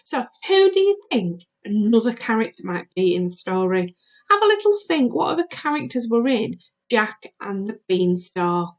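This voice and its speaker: A primary school teacher recording a video lesson for young children, asking questions in a sing-song way. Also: female voice, a little high, sing-song, moderate pace.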